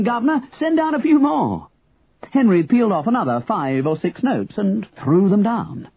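A man reading a story aloud with expressive, lively storytelling. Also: on the high side, slightly rough, no echo, narrow, tinny audio. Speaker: narrator.

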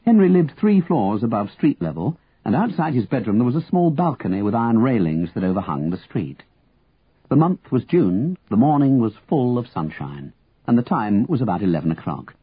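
A man reading a story aloud with expressive, lively storytelling. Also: medium pitch, moderate pace, husky, no echo, narrow, tinny audio. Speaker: narrator.

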